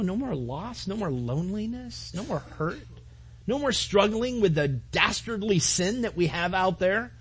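A man's voice: high-pitched, slightly rough. A man preaching a sermon to his congregation, earnest, with repetitions and asides to the listeners. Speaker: pastor.

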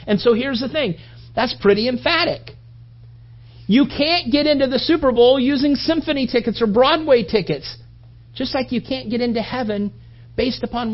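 In a sermon, a high-voiced pastor talks at a moderate pace, telling animated stories and voicing the people he quotes. He stumbles often, restarting and repeating words while building up his points, on a dull lo-fi recording.

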